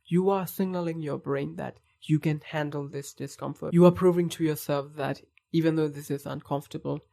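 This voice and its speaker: Earnest man with a gravelly voice. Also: fairly high pitch, fairly quick. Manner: earnest, speaks directly to the viewer; calm, reassuring coaching. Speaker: anxiety recovery coach. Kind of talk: self-help talk to camera.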